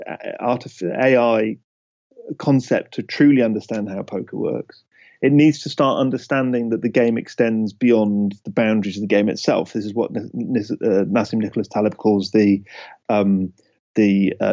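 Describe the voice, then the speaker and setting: Male podcast guest, mid-pitched, animated explainer who keeps checking in with the listener; slightly muffled audio. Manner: emphatic, animated, checks in with "right?" and "okay?". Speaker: podcast guest, speaker on risk.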